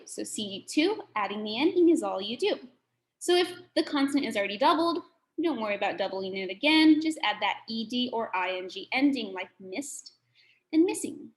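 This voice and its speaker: A woman teaching a children's phonics lesson, sounding out words slowly and patiently. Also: a little high.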